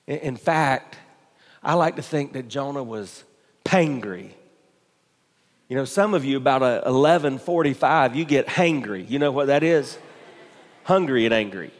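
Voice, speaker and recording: A man's voice: mid-range voice, measured pace, long pauses. A male pastor preaching a sermon to his congregation, building intensity with rhetorical questions. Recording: long hall reverb.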